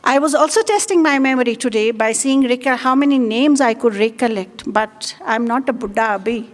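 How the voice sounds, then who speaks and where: A woman teacher with a high voice addresses her former students earnestly, wishing them well. A long reverb trails her words in the hall. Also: fairly quick. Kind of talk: farewell address at a school event. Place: school hall.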